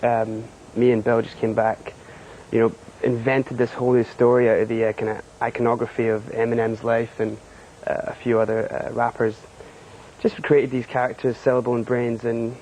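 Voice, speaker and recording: A man's voice: mid-range voice, warm tone, a little hiss or hum, rough recording. Candid young Scottish man, studio interview. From Scotland. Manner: candid, laughs often, many fillers. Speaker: guest.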